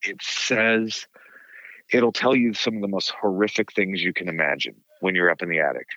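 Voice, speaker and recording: A man telling stories of a haunted building in a casual interview, animated and laughing often. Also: low voice, moderate pace, no room sound. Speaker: caretaker of a haunted site. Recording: dull lo-fi dry sound.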